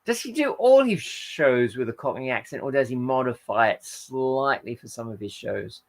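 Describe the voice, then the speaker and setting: A tired man in a casual livestream chat speaks at normal speed in an animated, medium-pitched voice. He goes through viewer comments in a rambling, hesitant way, often using fillers and correcting himself.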